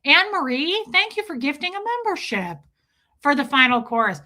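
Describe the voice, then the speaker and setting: A woman hosting a livestream in casual chat, playful and loud, her voice going a little hoarse. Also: sits high, lively intonation, brisk. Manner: playful, sings along loudly between chatter. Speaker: livestream host.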